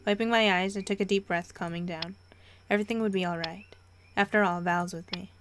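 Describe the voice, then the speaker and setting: A woman reading a story game aloud with expressive delivery, stumbles and wry asides, music playing behind. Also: mid-range voice, fairly quick. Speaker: game narrator and player.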